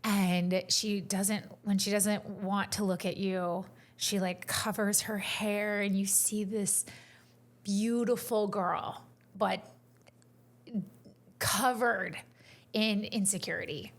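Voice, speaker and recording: A woman sharing a personal story on a faith-based talk show. She speaks earnestly in a middle-pitched voice and drops into soft, breathy near-whispers when the moment turns tender. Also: steady tone, slow pace. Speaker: podcast co-host and coach. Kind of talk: faith-based casual conversation.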